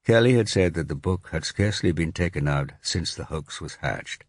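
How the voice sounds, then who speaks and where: Audiobook: male narrator, very deep, husky, lively intonation, dry close recording. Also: moderate pace, few pauses, no echo. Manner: steady reading. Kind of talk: scripted narration.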